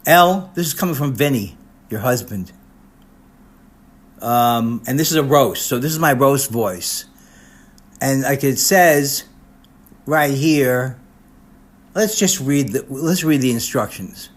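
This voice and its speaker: An older male comedian with a mid-range, expressive voice records a personalized video message as a mock roast. His comic monologue rambles at a slow pace with frequent pauses, and he often cuts himself off and restarts sentences with sarcastic asides.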